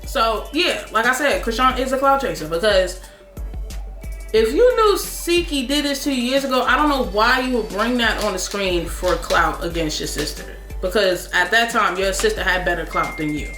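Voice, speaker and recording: A woman's voice: a little high, normal speed, echoey room, faint music behind. Blunt, slangy woman recapping drama. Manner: blunt, heavy swearing, slangy and animated. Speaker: reaction show host. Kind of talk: casual recap commentary.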